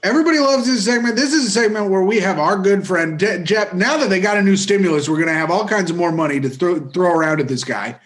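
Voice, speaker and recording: A male co-host on a comedy talk show, teasing his partner in a loose, upbeat way. His voice sits high for a man. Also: fast talker, hardly any pauses, fairly bright tone. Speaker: podcast co-host. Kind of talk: comedic casual chat.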